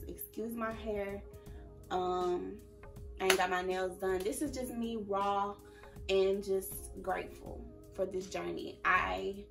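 A woman's voice: medium pitch, far from the mic. A young woman in her early twenties talking casually to camera in a vlog, emotional and fighting back tears. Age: early 20s. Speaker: vlogger.

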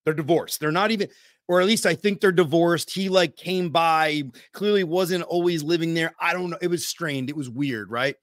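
A man hosting a podcast, telling work stories in a slangy, animated way and repeating himself as he goes. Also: a little high, normal speed, dry recording, studio quality. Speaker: podcast host in the HVAC trade. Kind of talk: casual podcast chat.

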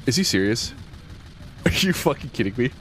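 A man streaming games, chatting casually in a crude, excitable way and laughing often. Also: mid-range voice, normal speed. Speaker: game streamer. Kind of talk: casual livestream gaming chatter.

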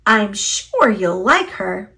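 A woman voicing a kind, eager young girl in a storybook, warm and encouraging. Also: medium pitch, sing-song, slow, gravelly, heavily acted.

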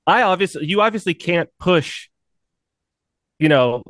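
A man's voice: sits high, lively intonation, a little slow, a bit bright, dry recording. Hesitant man, dry close sound. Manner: hesitant, searching for words. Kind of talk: casual religious discussion.

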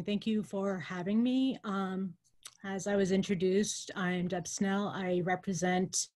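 A nurse who represents other nurses speaks earnestly and emotionally at a virtual town hall, pausing and using fillers. Her voice is mid-range with a somewhat dark tone.

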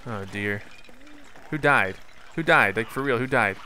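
A young man giving excitable live commentary on a video game, talking to his viewers with jumpy exclamations. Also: medium pitch, measured pace, slight background noise. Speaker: gaming YouTuber.

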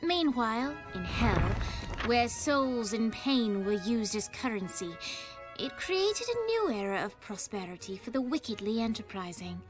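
A woman narrating a game cutscene in a measured, wry storytelling manner. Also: fairly high pitch, very animated, music in the background.

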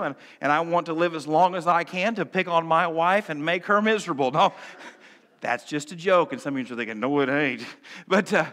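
A male pastor preaching a sermon in a church, swinging between loud and quiet, with humorous asides. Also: a little high, big-room sound. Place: church sanctuary.

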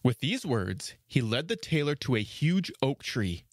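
A man narrating a fairy tale for a children's podcast, measured and expressive. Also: medium pitch, dry recording, clean studio sound. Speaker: storyteller. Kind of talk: storybook narration.

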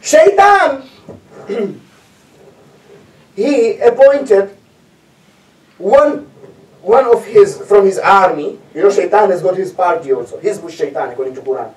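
Guy preaching a story sermon, high voice, repeats himself a lot, echoey hall mic kinda far. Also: lively intonation, measured pace, long pauses, a little mellow. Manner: repetitive, emphatic, rhetorical questions. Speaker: lecturer.

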